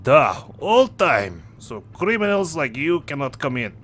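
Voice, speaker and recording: A man voicing a gruff, rude ship's sailor guard who speaks in blunt broken English. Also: fairly high pitch, sing-song, unhurried, a bit bright, slight background noise. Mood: rude, mocking.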